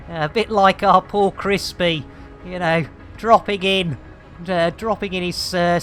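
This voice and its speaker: A man with a high, slightly bright voice livestreams a space game, bantering with viewers in a cheeky, playful way and tossing out hammy exclamations. It's casual chat with shout-outs to chat, and faint game music plays behind him.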